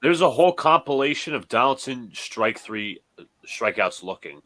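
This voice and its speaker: A man's voice: mid-range voice, expressive, moderate pace, a bit bright. A man co-hosting a live game watch-along who talks bluntly and swears in frustration. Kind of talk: casual fan chat.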